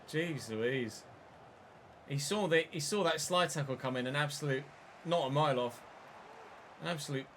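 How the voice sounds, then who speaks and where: Male gaming host, bright voice with some bite, excitable and chatty let's-play commentary. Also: on the high side, a little hiss or hum. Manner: excitable, chatty, mild swearing. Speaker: gaming YouTuber.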